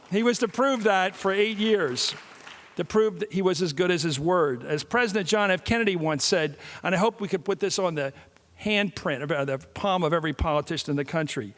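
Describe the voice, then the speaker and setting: A man in his sixties speaks as a guest lecturer, his voice pitched high. He tells stories and jokes with lively energy. The sound carries the long reverb of a large hall. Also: a little fast. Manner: animated storytelling with jokes. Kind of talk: public lecture.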